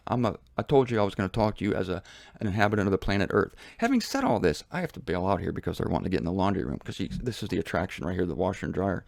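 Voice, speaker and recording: A man hosting his own show, giving a casual commentary from a laundry room in an animated, mocking way, swinging from low mutters to high exclamations. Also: gravelly, dry recording. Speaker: Bible teacher and show host. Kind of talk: casual self-filmed commentary.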